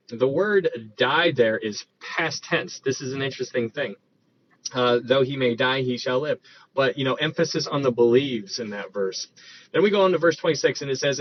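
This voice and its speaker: Male Bible teacher, relaxed conversational delivery, restarts and reads verses; muffled lo-fi audio. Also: mid-range voice, normal speed. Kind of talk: casual Bible study teaching. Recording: dull lo-fi recording with faint noise.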